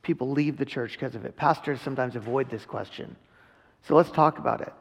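A man's voice: medium pitch, a little fast, vocal fry, slightly rough. A man in his thirties preaching a sermon in a casual, earnest way, slipping into quoted voices. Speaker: pastor. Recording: long reverb of a large hall.

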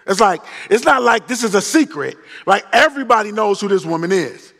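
Male pastor, storytelling sermon, jokey and slangy, gravelly, echoing hall. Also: sits high, a little fast. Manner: joking, slangy, animated retelling. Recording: long reverb of a large hall.

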